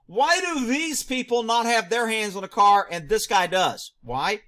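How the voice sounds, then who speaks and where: A man reacting to a news clip, firing off rhetorical questions, answering them himself and shouting mocking asides. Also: high-pitched, expressive, unhurried. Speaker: video commentator; former police officer.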